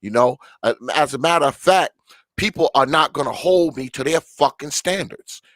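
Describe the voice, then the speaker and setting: A man's voice: fairly high pitch, normal speed, a bit bright, no room sound. An older man, hosting a debate livestream in a profane, combative, emphatic rant. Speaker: debate show host.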